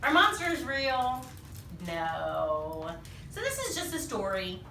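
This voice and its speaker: A woman reading a picture book aloud to young children, animated and full of sing-song questions, in a small echoey room. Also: fairly high pitch, slow pace, recorded from a distance, a little hiss or hum. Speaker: children's storyteller.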